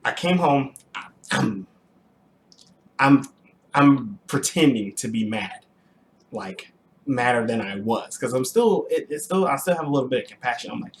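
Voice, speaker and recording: A young adult man casually recounting a personal story to the camera, animated, with frequent restarts and throat clearing. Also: medium pitch, slow, long pauses, slight background noise. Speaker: vlogger telling a personal story.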